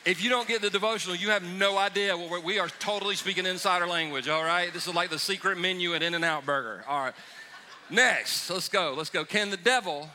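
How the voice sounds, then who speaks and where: A man's voice: high-pitched, fairly quick, sharp tone. A man pastor leading a question and answer sermon in a church, talking casually with jokes and emphatic asides. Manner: conversational, joking, emphatic preaching. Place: church sanctuary.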